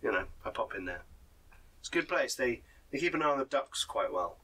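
A man's voice: medium pitch, sing-song, fairly quick, sharp tone, far from the mic, a little hiss or hum. A game master voicing a shady male informant in a confiding, hesitant manner. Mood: friendly. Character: shady male street informant, sly and wary. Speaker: non-player character.

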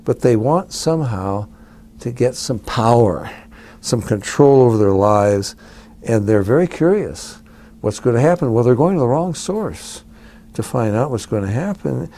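A man who has written books speaks in a relaxed interview. His voice is warm and mellow, and his manner is folksy and wry. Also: mid-range voice, unhurried. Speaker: interviewee, author. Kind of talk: casual interview talk.

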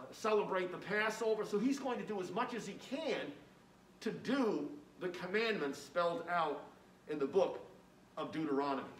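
A man preaching a sermon as pastor, slowing down to read scripture with weight and emphasis. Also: high-pitched, a bit bright. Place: church sanctuary. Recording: echoey room, voice from a distance, faint noise.

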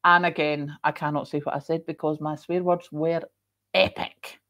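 A middle-aged Scottish woman telling stories in a casual chat, with a slightly low voice. She is chatty and expressive and leans on repeated words for emphasis. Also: brisk. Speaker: host.

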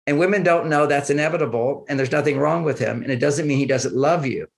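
A man's voice: fairly high pitch, fast, creaky. A man guest in an interview, telling personal stories about relationships in an easygoing way and acting out bits of dialogue. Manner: anecdotal, acts out quoted dialogue, chuckles often. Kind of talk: conversational storytelling interview.

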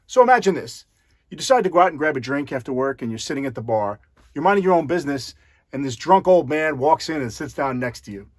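A man walks the viewer through a card scam in a chatty, direct way. His voice is slightly high with a husky edge, and the sound is dry and close. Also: expressive, fast, no room sound. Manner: conversational, addresses the viewer directly. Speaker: magician explaining a con. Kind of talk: explanatory talk to camera.

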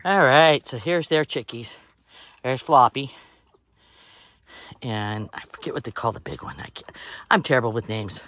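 A woman's lively, up-and-down voice as she talks to her chickens on a small farm. She chats to the camera between scolding the birds, in a casual, homey way, while faint clucking carries in the background outdoors. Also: extremely low pitch, slight background noise. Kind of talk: casual vlog narration while doing chores.

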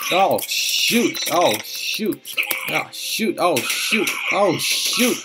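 Excitable man narrating his gameplay. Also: a little high, very slow, heavy background noise. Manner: excitable, flustered, repeats himself. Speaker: gaming channel host. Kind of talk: let's play commentary.

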